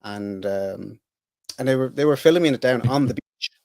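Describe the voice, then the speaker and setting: A man's voice: medium pitch, moderate pace, gravelly, a little mellow, no room sound. A middle-aged Irish man chatting as a podcast guest, rambling and self-interrupting with dry humour. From Ireland. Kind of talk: casual interview chat.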